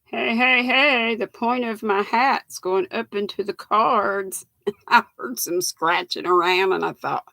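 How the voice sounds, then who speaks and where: A woman's voice: medium pitch, slow pace, gravelly, pushed and bright, dry recording. A woman, hosting a live craft stream, chatty and folksy, greeting viewers by name and calling them honey. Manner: chatty and folksy, laughs often, calls viewers sweet and honey.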